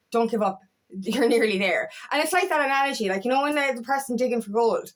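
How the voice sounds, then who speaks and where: Woman coach, casual monologue, candid, emphatic, swears, pitched a little high. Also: a bit bright. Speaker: feminine empowerment coach.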